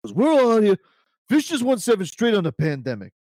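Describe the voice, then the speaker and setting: A man doing a gravelly swaggering wrestler persona. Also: sits high, wildly swooping pitch, a little fast, darkish tone, no room sound, heavily acted. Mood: scornful. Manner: boastful trash talk, punchy declarations. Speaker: guest. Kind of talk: fan pep talk in wrestling persona.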